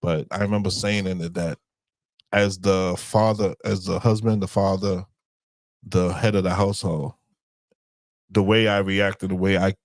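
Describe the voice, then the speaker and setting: A man's voice: sits low, dry recording. A man co-hosting a married couple's podcast, talking casually and rambling as he searches for words. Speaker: podcast co-host. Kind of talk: casual chat.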